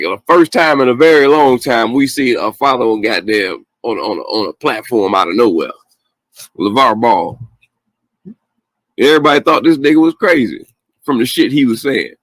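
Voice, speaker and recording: Profane animated man, dry sound. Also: medium pitch, moderate pace, no room sound, poor audio. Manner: profane, animated, laughs often. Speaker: podcast host. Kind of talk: casual opinionated chat.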